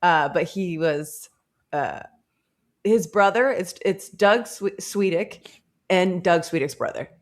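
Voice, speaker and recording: A woman's voice: fairly low pitch, slow pace. A woman co-hosting a casual book discussion, reflecting chattily on scenes, quoting characters and laughing. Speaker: podcast co-host.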